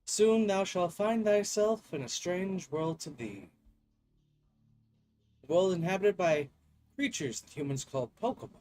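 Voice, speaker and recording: A man voicing a solemn male creator god, speaking slowly in old-fashioned, measured phrases. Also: sits high, lively intonation, darkish tone, no echo, faint music behind, pitched above the performer's own voice. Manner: slow, measured, archaic phrasing.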